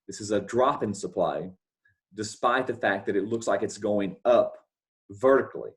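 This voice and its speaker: In a fairly low voice at normal speed, a man records an economics lecture over scribbled notes instead of a board. He explains things step by step, restating key points and checking understanding with questions.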